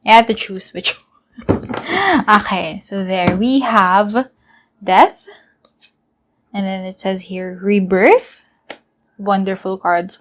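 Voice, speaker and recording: A young woman giving a casual tarot reading to camera, chatty and rambling, laughing often. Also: mid-range voice. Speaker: tarot reader.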